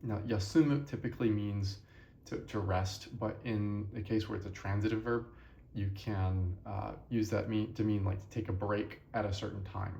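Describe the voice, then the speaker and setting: A tired young man talks through a language lesson in a low, gravelly voice, rambling and often stopping to correct himself. The sound is dull and roomy, like a home recording. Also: fairly even intonation, moderate pace, mellow. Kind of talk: casual spoken lesson.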